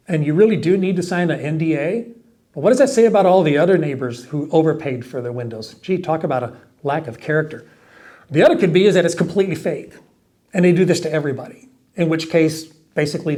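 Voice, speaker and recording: A window company owner with a Texan accent and a darkish tone talks casually to the camera. He acts out salesmen's pitches in quoted voices.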